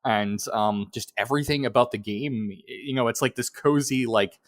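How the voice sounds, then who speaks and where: A man's voice: medium pitch, normal speed, no room sound, clean studio sound. A man on a podcast panel, talking casually about a game and rambling with lots of "you know" and "like.".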